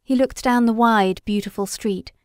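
A woman narrating a classic story in a measured, steady storytelling voice. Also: a little high, smooth, no echo, clean studio sound. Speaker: audiobook reader. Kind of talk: scripted literary narration.

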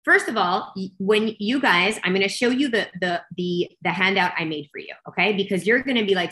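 Woman guest coach, expressive and emphatic, quick restarts; roomy sound. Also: medium pitch. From Canada. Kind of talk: energetic coaching talk.

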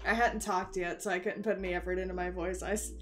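A woman's voice: lowish voice, level tone, fast talker, fairly bright tone, faint music behind. A woman with a Southern US accent, chatting casually while streaming a game, giggly and rambling with fillers. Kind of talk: casual chat while gaming.

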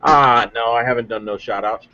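A man co-hosting a casual online talk show, relaxed and laughing easily. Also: medium pitch, moderate pace. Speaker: co-host. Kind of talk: casual chat. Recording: dull lo-fi sound.

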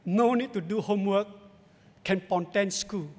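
A man's voice: sits high, moderate pace. A man playing a carefree wayward child who talks in Singaporean slang with a Singaporean accent. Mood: gleeful. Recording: long church hall reverb.

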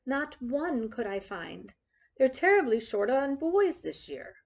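A woman's voice: high voice, sing-song, slow, creaky, darkish tone, full character voice. A woman doing a kindly mother dog. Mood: gentle. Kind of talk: storybook read-aloud.

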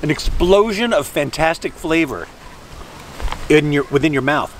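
Man, slightly higher voice, chatty and rambling, outdoor food review on camera mic, clear traffic noise behind. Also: animated, unhurried, low-quality recording. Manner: rambling, chatty, jokey asides. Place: outdoors by the water, sitting near a road.

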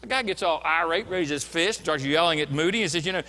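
A man's voice: fairly high pitch, expressive, brisk, pushed and bright, long reverb tail. A man preaching a sermon as a pastor, earnest and emphatic, repeating his key points. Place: church sanctuary.

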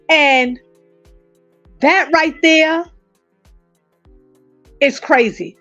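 High-voiced woman telling an animated story. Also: unhurried, pauses often, no echo, lo-fi sound, soft background music. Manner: animated storytelling, addressing viewers as "y'all". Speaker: online commentator. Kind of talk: casual commentary.

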